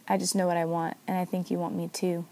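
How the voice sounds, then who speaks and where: Predatory male vampire, put on by a woman, sly, teasing, mellow, lowish voice, storybook reading. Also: level tone, quick pace, lightly acted. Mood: flirting. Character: smooth-talking male vampire seducer, predatory.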